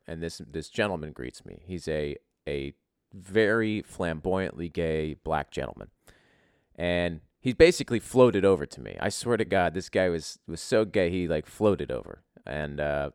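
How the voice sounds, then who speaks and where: A man with a low voice hosts a casual podcast, telling a crude, animated, joke-filled story packed with swearing. The sound is clean studio quality with no room sound.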